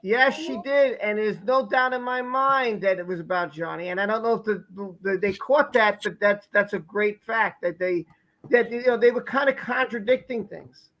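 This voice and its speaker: A man's voice: high voice, normal speed, muffled recording. A man hosting a live stream, asking rhetorical questions in a repetitive, casual way.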